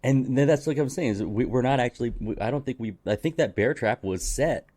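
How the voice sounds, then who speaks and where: A man's voice: medium pitch, fairly quick, a little mellow. A man co-hosting a movie podcast, talking casually with many fillers and restarts. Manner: rambling, full of fillers and restarts, reads out phrases. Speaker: podcast co-host.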